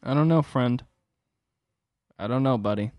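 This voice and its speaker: A man's voice: mid-range voice, a little slow, dry recording, dull audio, close to an everyday voice. A man putting on a smug male American president who teasingly shrugs off an argument in a comedy bit.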